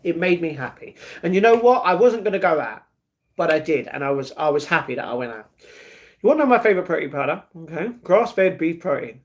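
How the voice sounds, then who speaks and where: Chatty British man, slightly high voice. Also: sing-song, brisk. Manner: chatty, laughs often, answers viewers by name. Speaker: live streamer. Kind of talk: casual live-stream chat, reading chat messages.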